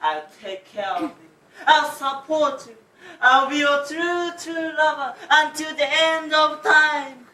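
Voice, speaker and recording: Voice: high-pitched, takes it slowly, sharp tone, full character voice. A student actor playing a lovesick middle-aged male neighbour in an amateur stage play, making overwrought declarations. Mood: pleading. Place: small university theatre stage. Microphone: far-off room mic. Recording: echoey theatre from far off, faint hiss.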